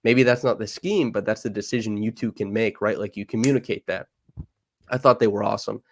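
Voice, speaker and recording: This lowish-voiced podcast host talks basketball live, rattling off a quick, enthusiastic analysis peppered with casual fillers. A little hiss or hum sits under the recording.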